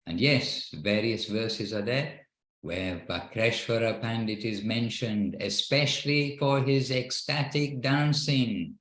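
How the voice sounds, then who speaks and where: A man's voice: mid-range voice, slow pace, fairly bright tone, echoey room, poor audio. A man leading an online devotional class over a video call, talking in an earnest, rambling way with frequent restarts. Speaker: class leader. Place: home in Wexford, Ireland, on a video call.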